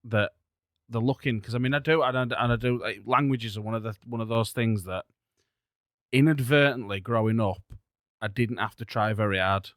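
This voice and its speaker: A man's voice: mid-range voice, moderate pace, no echo, studio quality. A man talking animatedly in a casual podcast chat, full of restarts and asides.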